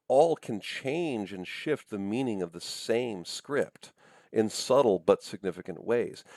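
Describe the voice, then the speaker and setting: Low-voiced man giving a casual lecture. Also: darkish tone, no echo, studio quality. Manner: conversational, thinks aloud with frequent "right?" and "um". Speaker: professor. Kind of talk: recorded lecture.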